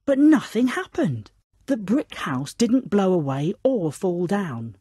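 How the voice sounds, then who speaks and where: A woman narrating a children's storybook in a lively, expressive reading. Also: mid-range voice, takes it slowly, noisy background.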